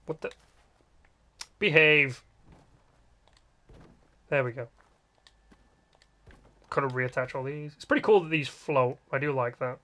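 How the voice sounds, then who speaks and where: A man's voice: medium pitch, slow pace, pauses often, bright, forceful tone. A man casually commenting while building in a game livestream, joking and grumbling in a rambling way. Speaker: game streamer.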